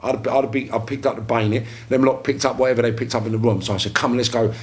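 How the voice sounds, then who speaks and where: A man with a London accent, a podcast guest telling stories in a lively, swearing, casual way and acting out what people said. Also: medium pitch, fast talker. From London, England. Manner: animated storyteller, swears freely, acts out quoted speech. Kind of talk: casual storytelling interview.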